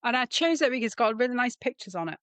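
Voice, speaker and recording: A woman's voice: on the high side, sing-song, racing, a bit bright, no room sound. A woman co-hosting a podcast, chatting in a teasing, playful way. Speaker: podcast co-host, former MP. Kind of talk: casual chat.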